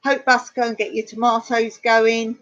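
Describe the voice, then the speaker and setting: An Englishwoman chats through a casual live stream, laughing often and imitating other people's pronunciation. Her voice sits a little high. The sound is dull and lo-fi. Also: level tone, moderate pace, a bit bright. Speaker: livestream host. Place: home in rural Cyprus.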